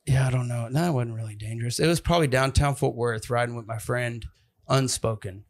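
A young man telling a story in casual chat, acting out other people's voices with big jumps in pitch. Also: a little fast.

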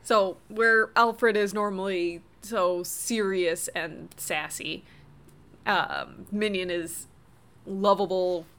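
A woman's voice: mid-range voice, steady tone, takes it slowly, fairly bright tone. Cheerful woman co-hosting a podcast. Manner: cheerful, laughs easily. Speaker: podcast co-host. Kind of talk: casual movie review chat.

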